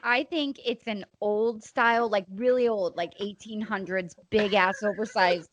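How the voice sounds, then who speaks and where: A woman co-hosting a casual podcast chat, blunt and quick to laugh. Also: mid-range voice, fairly even intonation, muffled recording, slight background noise.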